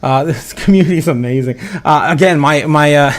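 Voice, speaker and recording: A man's voice: mid-range voice, steady tone, moderate pace. A man hosting a casual livestream, chatting and reading out viewer comments with frequent chuckles and restarts. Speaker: livestream host.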